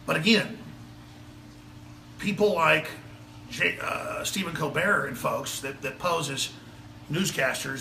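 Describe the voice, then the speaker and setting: A man's voice: on the high side, expressive, gravelly, bright, forceful tone, echoey room, slight background noise. A man with a Texan accent delivering a heated, sarcastic political monologue as a talk show host. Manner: rapid-fire, sarcastic, indignant.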